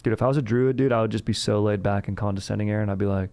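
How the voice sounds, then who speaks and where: A man's voice: on the low side, fairly even intonation, racing, creaky, mellow. A young man hosting a comedy history show, rambling in a slangy, profane way and calling everyone dude and bro. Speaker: comedy history podcast host.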